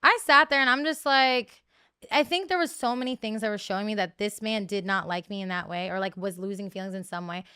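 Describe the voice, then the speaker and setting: A young woman in her twenties telling stories as a podcast guest, animated and profane, jumping up in pitch and volume when she acts out quotes. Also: a little fast, clean tone, no echo, clean studio sound. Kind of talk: candid storytelling interview.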